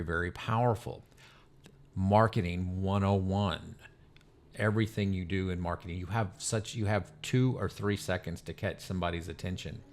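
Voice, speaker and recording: A man co-hosting a podcast, a lawyer talking in casual conversation with frequent fillers. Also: deep voice. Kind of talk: casual professional chat.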